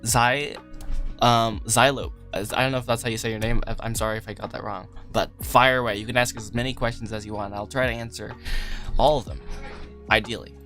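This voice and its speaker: A man's voice: mid-range voice, fairly even intonation, a little fast. A man hosting a casual livestream while he works, rambling and self-deprecating, laughing often. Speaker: livestream host, animator. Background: soft lofi music.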